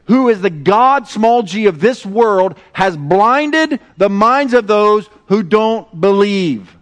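Middle-aged male pastor, high-pitched, lively and chatty, leads call-and-response with the congregation. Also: slow. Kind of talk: sermon. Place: church sanctuary.

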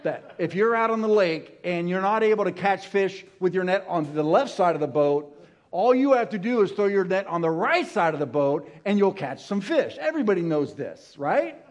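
High-voiced man preaching a sermon. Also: lively intonation, moderate pace. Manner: storytelling, emphatic, swings from hushed to loud; engages audience with call-and-response.

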